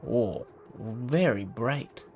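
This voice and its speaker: A man talks through a live writing session in a relaxed, thinking-aloud way, then reads a holiday poem aloud. His voice carries a gravelly rasp, and his pitch rises and falls freely as he speaks. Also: extremely slow, faint music behind. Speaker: calligrapher streaming a writing session. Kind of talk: casual live-stream chat and poem reading.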